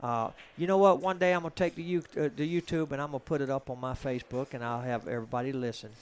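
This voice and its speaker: Here the Georgia commentator's medium-pitched voice comes through clean and steady at a quick pace. With his Southern US accent, he jokes and rambles through casual talk on a live pool stream.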